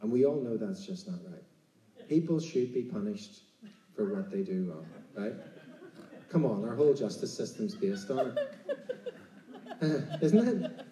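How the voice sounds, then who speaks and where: This Irish man's sermon is chatty and informal, peppered with "right?", though he speaks at a measured pace with long pauses. His medium-pitched voice is dark and sing-song, captured from afar in a roomy room.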